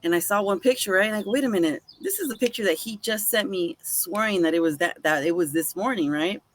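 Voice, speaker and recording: Slight hiss or hum sits under a woman's fast, medium-pitched voice as she co-hosts a podcast. Telling a story in casual conversation, she's animated, swears casually, and acts out both sides of the quoted dialogue.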